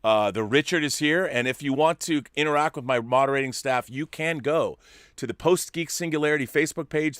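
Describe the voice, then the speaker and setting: A man hosting a casual livestream, reading viewer super chats aloud and answering them in a chatty way with quick asides. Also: mid-range voice, a bit bright, no room sound, clean studio sound. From California.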